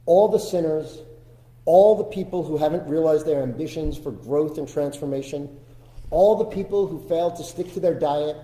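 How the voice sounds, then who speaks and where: A man giving a sermon as a rabbi, telling a personal story in a reflective, deliberate way with slow emphasis. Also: on the high side, mellow. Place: synagogue sanctuary. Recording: roomy sanctuary with long reverb.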